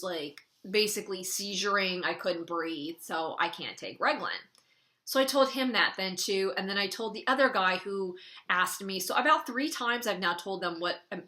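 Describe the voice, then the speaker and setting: A young woman speaks into her camera in an easy, confiding story-time style, her voice bright and crisp. She talks loosely and keeps slipping "like" into her sentences. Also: mid-range voice. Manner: chatty, frequent "like", wry laughs between lines. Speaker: beauty vlogger telling a personal story. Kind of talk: casual story-time monologue.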